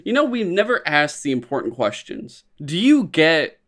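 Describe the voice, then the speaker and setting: A man's voice: a little high, sing-song, normal speed, fairly bright tone. A man co-hosting a podcast, chatting casually about a show with a rambling, joking manner and lots of fillers. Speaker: podcast co-host. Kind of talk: casual chat reviewing a show.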